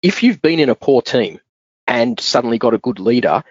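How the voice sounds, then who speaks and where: A man's voice: mid-range voice, lively intonation, normal speed, a little mellow, breathy edge, no echo. A man hosting a casual chat, talking in an earnest, encouraging way about leadership. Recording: dull lo-fi, dry.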